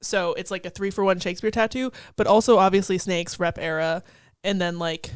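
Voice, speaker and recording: A young woman co-hosts a podcast, chatting casually, laughing often, and swearing freely. Her voice is fairly low and level, a little fast, in a dry recording.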